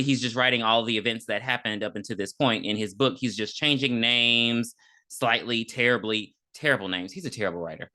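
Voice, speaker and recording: A woman's voice: a bass voice, sharp tone. A woman co-hosting a podcast, recapping a TV episode in a chatty, slangy way with frequent laughs. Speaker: podcast co-host. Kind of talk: casual chat recapping a TV episode.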